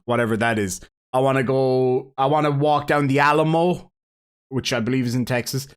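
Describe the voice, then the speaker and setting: A man from Ireland with a Cork accent, hosting a live stream, reading donation messages in a rambling, jokey, excitable way. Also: medium pitch. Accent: Cork Irish.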